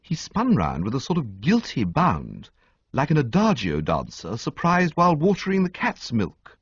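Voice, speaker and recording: A man narrating a comic audiobook with an expressive, sweeping storytelling delivery, on a dull, dry recording. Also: medium pitch, moderate pace, husky, no echo.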